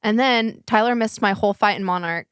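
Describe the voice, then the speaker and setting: Animated, profane young woman telling a story. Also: medium pitch, brisk, smooth, dry recording, clean studio sound. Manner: animated, profane, acts out quotes in a raised voice. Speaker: podcast host. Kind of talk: casual storytelling chat.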